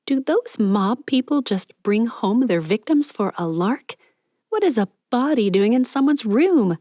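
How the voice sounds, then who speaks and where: A woman voicing an anxious young woman in an audiobook, pleading and high-strung as she fakes panic. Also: sing-song, unhurried, warm tone, dry recording, clean studio sound. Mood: panicky. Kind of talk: audiobook character reading.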